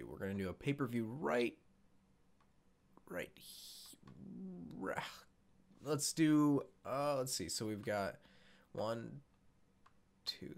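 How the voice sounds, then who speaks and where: A man's voice: mid-range voice, a bit bright. A young man giving casual let's-play commentary as he sets up a wrestling game, rambling, correcting himself and swearing offhandedly. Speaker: gaming YouTuber.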